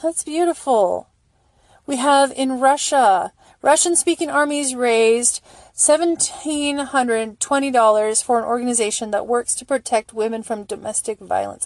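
Gushing middle-aged woman, bright and dry. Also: a little high, dry recording. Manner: emotional, gushing, reads posts aloud slowly. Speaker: fan vlogger reading charity posts. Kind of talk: casual on-screen commentary.

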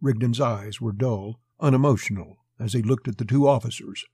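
Man, audiobook narration, western story, husky, dry recording. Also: mid-range voice, moderate pace, no room sound. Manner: steady storytelling.

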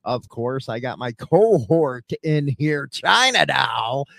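A man's voice: medium pitch, big pitch swings, slow, gravelly, fairly bright tone, no echo, studio quality. A man hosting a podcast in casual chat, joking and teasing his co-host with plenty of swearing.

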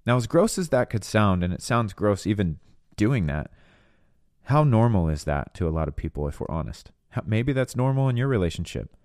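A man's voice: on the low side, sing-song, normal speed, a little mellow, no echo, clean studio sound. A young adult man hosting a ministry podcast, talking through relationships in a candid, earnest, conversational way. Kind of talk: casual teaching monologue.

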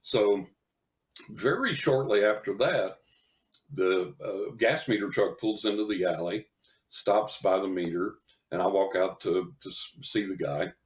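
A man, a psychic medium guest on a podcast, telling a story in an animated way and laughing as he talks. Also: fairly low pitch, unhurried. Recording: roomy echo.

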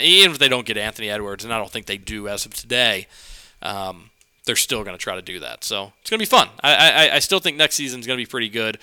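A man's voice: medium pitch, bright, forceful tone, smooth. A man co-hosting a casual sports podcast, a bit stuffed up from a cold, rambling and correcting himself as he talks. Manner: rambling, conversational, self-correcting. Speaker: podcast co-host.

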